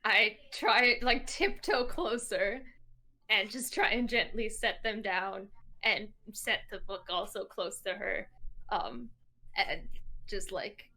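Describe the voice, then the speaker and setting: A woman's voice: mid-range voice, slow pace, sharp tone. A woman playing her character in a tabletop game, speaking hesitantly in the first person. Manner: hesitant, full of fillers and restarts. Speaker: player.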